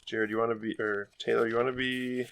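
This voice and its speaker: A man hosting a casual book podcast, recapping chapters in a relaxed way with giggles. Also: medium pitch, a little fast. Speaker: podcast host.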